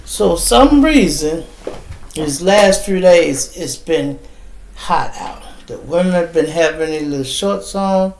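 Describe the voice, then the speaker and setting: Man, podcast host, casual storytelling, profane, gravelly voice, echoey room. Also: a little high, slow pace, slight background noise. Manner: profane, animated street storytelling. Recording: roomy echo.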